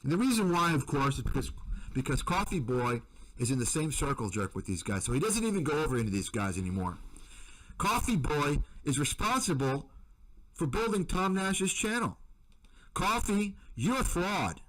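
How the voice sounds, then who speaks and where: An investment commentator delivers a combative, repetitive rant to his viewers, full of name-calling. His slightly high, bright voice is very animated at normal speed, captured in a low-quality recording.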